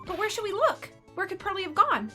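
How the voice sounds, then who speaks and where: Woman as a high, bright, fretful young girl, music behind. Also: big pitch swings, brisk, full character voice. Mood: worried. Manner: earnest and anxious. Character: worried, upbeat young spirit-medium girl. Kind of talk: dramatic game reading.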